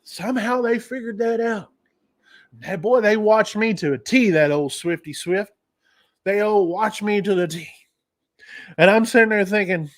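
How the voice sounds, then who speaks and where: High-voiced rambling man telling a story. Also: a little slow, long pauses. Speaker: trucking channel host. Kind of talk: casual storytelling livestream.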